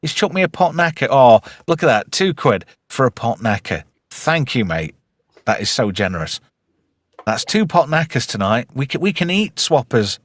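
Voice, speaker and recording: A man's voice: medium pitch, sing-song, moderate pace, no room sound. A man hosting a casual podcast chat, sweary, jokey and rambling. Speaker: podcast host.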